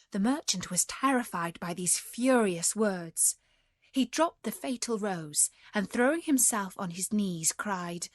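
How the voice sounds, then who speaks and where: A woman reading a fairy tale aloud as a gentle bedtime story. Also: mid-range voice, animated, slow, no echo, studio quality.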